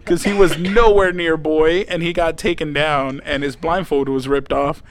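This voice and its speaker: A man's voice: a little high, steady tone, moderate pace. A man hosting a podcast, telling casual stories with laughs and swearing. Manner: laughing storyteller, swears freely. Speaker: podcast host.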